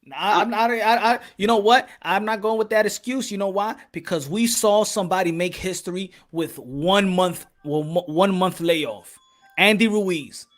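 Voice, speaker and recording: Emphatic high-voiced man hosting live boxing talk. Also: moderate pace. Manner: emphatic, stammering restarts, teasing. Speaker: boxing podcast host. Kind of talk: live casual commentary chat.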